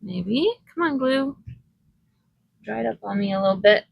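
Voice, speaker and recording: Slow, gravelly woman crafting aloud. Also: medium pitch, expressive, poor audio. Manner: chatty, thinking aloud while working, soft laughs. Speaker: crafting vlogger. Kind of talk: casual crafting commentary.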